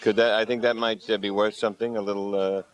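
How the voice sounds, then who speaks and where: A man's voice: lowish voice, little pitch movement, quick pace, natural voice. A man playing a stammering, wisecracking barfly. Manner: stammering, wry. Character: wisecracking male bar regular.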